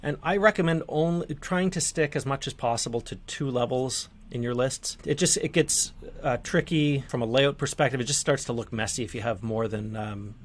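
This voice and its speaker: In a relaxed, conversational screen-share tutorial, a man with a medium-pitched voice teaches manuscript formatting, using fillers and restarting sentences along the way.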